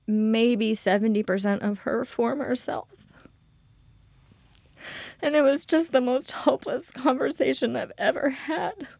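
A woman guest telling a personal story in an interview, halting and emotional, with frequent restarts. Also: fairly high pitch, gravelly, no room sound.

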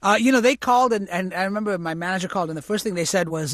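A man's voice: sits high, very fast, fairly bright tone, dry recording. Reflective man speaking close and dry. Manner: reflective, many restarts and "you know". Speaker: actor and author, interview guest. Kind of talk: conversational interview.

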